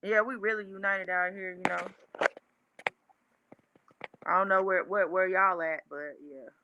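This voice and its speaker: A woman's voice: on the low side, fairly even intonation, measured pace, dull audio. A woman joining a live talk show as a guest, blunt and challenging, firing rhetorical questions back at her critics. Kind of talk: casual heated call-in talk.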